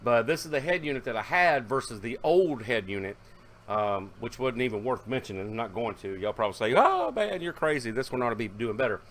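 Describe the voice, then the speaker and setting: In a brisk, fairly bright mid-range voice, a man narrates his car audio hobby vlog. The delivery is casual and meandering, full of fillers and self-corrections.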